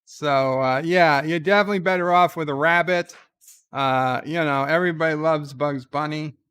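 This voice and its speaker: A man's voice: fairly high pitch, normal speed, a bit bright, clean tone, lo-fi sound. A man hosting a casual livestream, answering viewer letters in a hesitant, joking way, full of "uh" and restarts. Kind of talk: casual live-stream chat.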